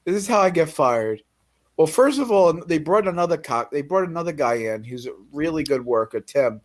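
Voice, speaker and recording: A man's voice: fairly high pitch, lively intonation, normal speed. A man in casual chat, telling a story in a profane, ranting way. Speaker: guest telling his story.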